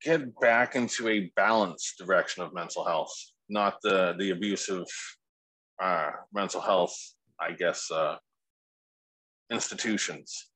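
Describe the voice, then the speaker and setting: A man's voice: low-pitched, measured pace, pushed and bright, dry recording, rough recording. A man co-hosting a casual podcast, laid-back and rambling, swearing freely. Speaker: podcast co-host.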